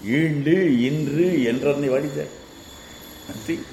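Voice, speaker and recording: A man patiently explains a classical poem line by line, reciting verse quickly in a sing-song way. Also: a little high, darkish tone, roomy sound, slight background noise, poor audio. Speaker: teacher of classical poetry.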